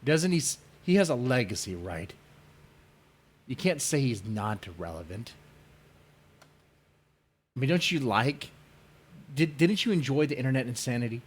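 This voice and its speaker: Husky-voiced man hosting a stream. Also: mid-range voice, lively intonation, measured pace, long pauses. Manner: loose, rambling, joking with chat. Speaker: stream host. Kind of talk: casual livestream debate.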